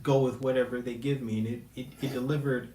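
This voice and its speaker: A man co-hosting a casual chat about movies and games, relaxed and quick to laugh. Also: mid-range voice, reverberant, a little hiss or hum, rough recording. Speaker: podcast co-host. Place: home room with air conditioner running.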